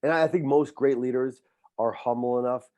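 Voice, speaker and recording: Middle-aged coach, earnest and heartfelt, mid-pitched, dry close sound. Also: male voice, fairly even intonation, a little fast, warm tone, no echo. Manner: heartfelt, faith-filled, repeats words when moved. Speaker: high school football coach and teacher. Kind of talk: emotional podcast interview.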